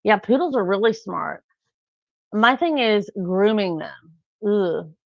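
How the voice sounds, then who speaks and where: A middle-aged woman chats on a live stream, rambling from one anecdote to the next. Her voice carries a gravelly fry. The sound is dry and a little dull, with no room around it. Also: medium pitch, expressive, takes it slowly, no room sound. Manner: chatty, rambling, acts out quotes with laughs. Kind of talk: casual live-stream chat.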